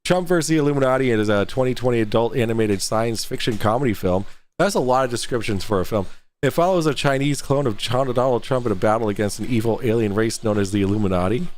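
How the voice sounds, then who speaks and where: A man's voice: mid-range voice, fast talker, darkish tone. A man hosting a casual livestream talk show, joking, swearing and laughing a lot.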